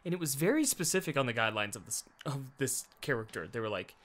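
A man talks through a film he watched in a loose, rambling way, full of fillers and little jokes. His voice sits at an ordinary middle pitch. It is an easygoing chat among friends on a podcast. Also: expressive, fast, a bit bright. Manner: rambling, joking, laughs often with many fillers. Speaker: podcast co-host. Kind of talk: casual chat about movies.

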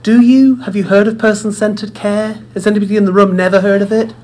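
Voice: mid-range voice, steady tone, fast, a little mellow. Chatty presenter telling stories. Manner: chatty, repeats words, addresses audience directly. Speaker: speaker at a dementia care forum. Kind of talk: presentation with personal storytelling. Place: indoor room with audience.

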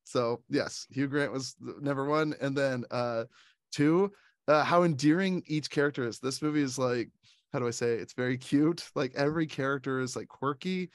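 A man's voice: medium pitch, normal speed, no echo, studio quality. A man co-hosting a casual film chat, enthusiastic and laughing often as he recounts favorite scenes. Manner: enthusiastic, laughs often, quotes lines in put-on voices. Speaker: podcast co-host.

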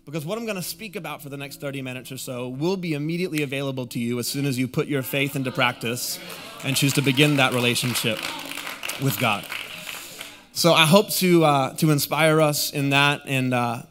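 In a church auditorium, a young adult man preaches as a guest pastor, drawing the congregation in and having them repeat phrases back. His medium-pitched voice is brisk and a bit bright, with faint music behind.

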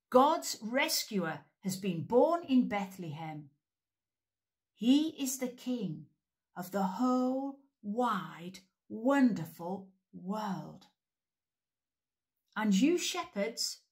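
A woman voicing a gentle, reassuring angel who announces good news with slow, drawn-out emphasis. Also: on the high side, voice pushed up.

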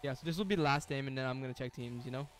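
A young man chats with viewers while streaming a game, speaking very fast in a medium-pitched voice as faint music plays. His talk is casual and slangy, broken up by frequent laughter and restarts.

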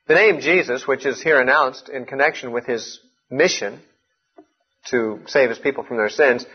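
A man gives an earnest Bible teaching and leans hard on the points he wants to land. His voice sits a little high for a man and has a husky edge. The recording is muffled and lo-fi. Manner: earnest, explanatory, emphatic on key points.

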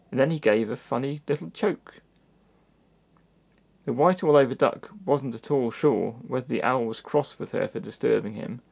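A man reading a children's storybook aloud in a gentle manner, with little asides to the listener. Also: medium pitch, gravelly. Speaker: storybook reader.

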